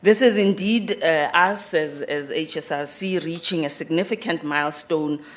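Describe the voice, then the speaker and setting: A speaker with a squeaky voice gives a formal welcome address in a university conference hall. The delivery halts often, with fillers and repeated words. The voice climbs louder and higher on the phrases being stressed. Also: moderate pace. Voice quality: self-described squeaky voice. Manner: rises in pitch and volume on emphasized phrases. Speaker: conference host speaking for the organizers.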